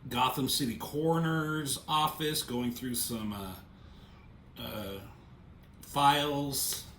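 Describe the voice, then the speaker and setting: A man's voice: medium pitch, very slow, bright, forceful tone. A man reviewing a comic book in a casual way, walking through the pages and reading the panel lines aloud, often repeating words as he starts a thought. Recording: roomy echo, faint ambient noise.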